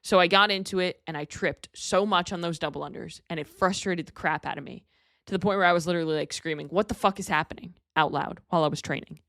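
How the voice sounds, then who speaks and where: Her lowish, slightly bright voice is steady in tone but fast, captured in a clean studio with no echo. She's a young adult woman hosting a podcast, giving a frank, heartfelt motivational monologue and cursing casually.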